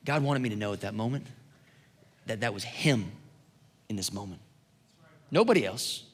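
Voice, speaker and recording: A man preaching a sermon as pastor, telling a personal story in an animated way that builds to emphatic preaching. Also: lowish voice, normal speed. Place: church sanctuary. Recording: long hall reverb.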